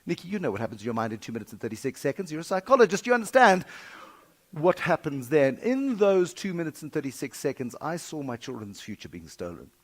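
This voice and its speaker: A man's voice: on the high side, very animated, quick pace. A middle-aged South African man giving a humorous keynote, telling stories with wry, dramatic swings in volume. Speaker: keynote speaker. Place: conference breakfast venue.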